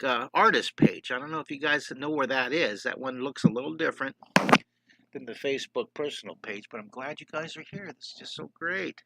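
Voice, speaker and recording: A man's voice: medium pitch, expressive, a little fast, sharp tone, no echo, low-quality recording. An older man, an enthusiastic drawing teacher, chatting with viewers and greeting them by name during a live-streamed lesson.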